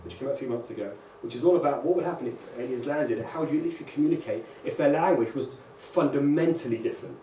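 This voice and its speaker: A man, a rabbi, giving a lively conference lecture to teachers and often checking in with "right?" and "okay?". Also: mid-range voice, fast, few pauses. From England. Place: large lecture hall. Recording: echoey hall, distant mic, faint hum.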